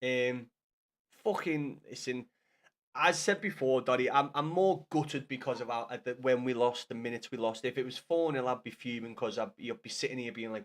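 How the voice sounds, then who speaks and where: A man's voice: mid-range voice, moderate pace. A man with a Scouse accent, chatting casually to his chat while he streams a game, swearing freely. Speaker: gaming streamer.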